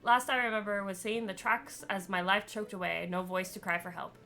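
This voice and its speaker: A woman's voice: mid-range voice, fairly even intonation, fairly quick, sharp tone, faint music behind. A woman reading a rude, bitter ghost woman. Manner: blunt, scornful, rude.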